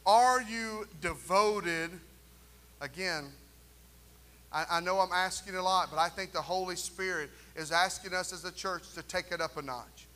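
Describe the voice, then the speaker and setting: Pastor, male. High, bright voice, animated preaching with quips and asides. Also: a little slow. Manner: animated preaching with jokes and call-and-response asides. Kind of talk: sermon. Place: church sanctuary.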